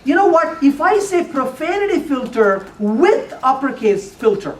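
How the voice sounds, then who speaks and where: A man's voice: very high-pitched, big pitch swings, measured pace. A middle-aged man giving a live technical talk to an audience, playful and teasing, quizzing the room with questions. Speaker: conference speaker. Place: meeting room before an audience. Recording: roomy, distant, faint room noise.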